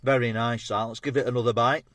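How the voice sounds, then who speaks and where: A man's voice: mid-range voice, steady tone, fast, fairly bright tone, no echo. A man, chatting casually as he tastes and reviews food on his vlog. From England. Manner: chatty, matey, talks between bites. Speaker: food vlogger.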